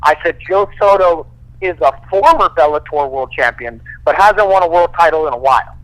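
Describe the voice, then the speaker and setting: Bright-voiced man telling fight stories. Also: on the high side, fairly quick, poor audio. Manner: profane, animated anecdote telling with quoted dialogue. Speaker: fighter guest. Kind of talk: casual storytelling.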